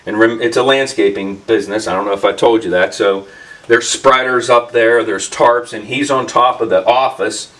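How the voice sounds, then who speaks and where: A man's voice: mid-range voice, fairly even intonation, moderate pace, fairly bright tone, far from the mic. A man hosting a casual vlog, telling a story in a rambling way with many fillers and restarts in his workshop. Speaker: channel host.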